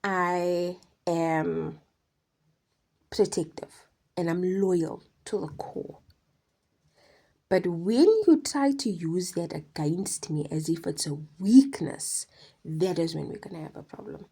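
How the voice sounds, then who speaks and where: Low gravelly woman telling her faith story, intense, goes from whisper to punchy emphasis. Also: slow. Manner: passionate, emphatic, swings between hushed whispers and forceful stresses. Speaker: Christian speaker sharing a testimony. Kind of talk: personal faith testimony talk.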